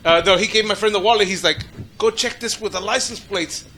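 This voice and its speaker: A man with a high, very bright voice tells crude, laughing stories on a casual podcast. He swears freely and acts out other people's lines as he goes. A faint hum sits under his voice. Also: a little fast. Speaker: podcast co-host. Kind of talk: casual storytelling chat.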